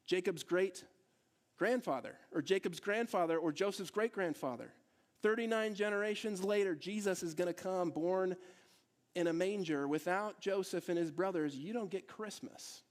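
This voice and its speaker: A male pastor preaching a sermon to his church in a conversational way, asking the congregation rhetorical questions. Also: sits high. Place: church service in a theatre hall.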